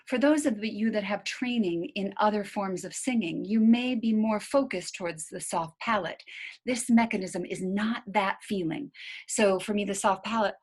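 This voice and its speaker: A woman teaching a singing lesson, calmly guiding listeners through gentle breathing and vowel exercises. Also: medium pitch, husky. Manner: calm, coaching breath instructions. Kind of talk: guided voice lesson.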